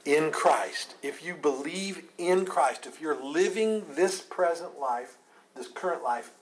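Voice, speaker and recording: A pastor leading a Bible study, talking earnestly, asking rhetorical questions and repeating key phrases. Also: male voice, on the high side, lively intonation, slow pace, slight background noise, rough recording.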